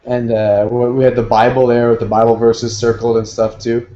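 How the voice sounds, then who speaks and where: A man's voice: medium pitch, level tone, normal speed, warm tone. A man co-hosting a podcast, chatting casually and speculating with a joking tone. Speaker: podcast co-host. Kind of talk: casual recap chat. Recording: dull lo-fi sound.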